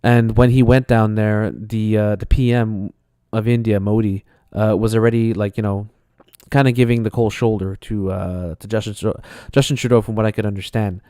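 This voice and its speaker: A man from Canada co-hosting a casual talk show, loose and quick to laugh. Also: lowish voice, fairly even intonation, dark tone, clear, resonant tone, no echo, studio quality. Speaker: co-host. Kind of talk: casual chat.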